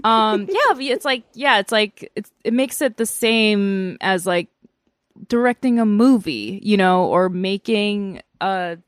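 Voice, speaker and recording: A woman's voice: medium pitch, expressive, measured pace, smooth, dry recording. Woman guest comic, loose profane storyteller, laughs a lot, close dry sound. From Korea. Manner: profane, rambling, laughs often. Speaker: guest comedian. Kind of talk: casual podcast chat.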